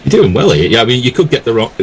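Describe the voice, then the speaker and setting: A man's voice: mid-range voice, sing-song, rapid-fire, slight background noise, rough recording. A man co-hosting a cricket commentary, reading out listener messages with joking, rambling asides. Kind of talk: casual chat on commentary.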